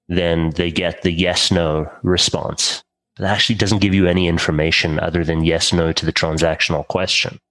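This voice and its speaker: Deep voiced guy hosting an interview, asks long thoughtful questions. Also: a bit bright, rough recording. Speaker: interview host. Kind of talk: conversational interview.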